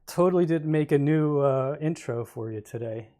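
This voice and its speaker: A man's voice: a little high, normal speed, mellow, slight background noise. A man streaming a video game, chatting casually and rambling with his viewers, chuckling now and then. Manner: easygoing, rambling, chuckles to himself. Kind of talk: casual livestream chat while gaming.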